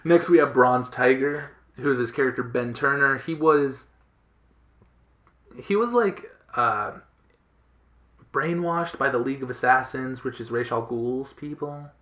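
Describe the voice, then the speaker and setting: A podcast host chats casually about comics, explaining with enthusiasm but rambling, with plenty of fillers and restarts. His voice is medium in pitch and slightly bright, unhurried, with long pauses.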